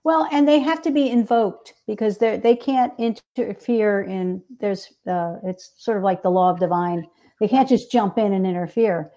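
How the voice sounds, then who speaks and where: A woman's voice: mid-range voice, normal speed, dark tone, highs cut off. A woman interviewed as a guest author, talking earnestly and giving spiritual advice. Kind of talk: interview chat.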